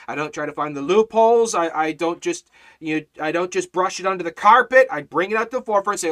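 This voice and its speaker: A man leading a Bible study, earnest and repetitive, reading scripture slowly and sometimes dropping almost to a whisper. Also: high-pitched. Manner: earnest, repeats phrases, drops to a near whisper when speaking softly; quotes scripture slowly and emphatically. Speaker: Bible teacher.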